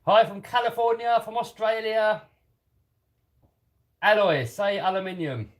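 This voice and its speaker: A British man talks casually on a live stream, reading out viewer comments while he works on a model car. His voice sits slightly high for a man, and he laughs easily. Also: animated, a little slow. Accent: British English. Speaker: RC hobby YouTuber reading live chat.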